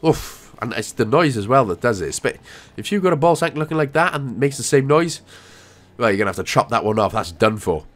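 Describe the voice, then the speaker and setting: A man's voice: medium pitch, lively intonation, fairly quick. A young Welsh man giving casual, rambling gameplay walkthrough commentary with jokey asides. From Wales.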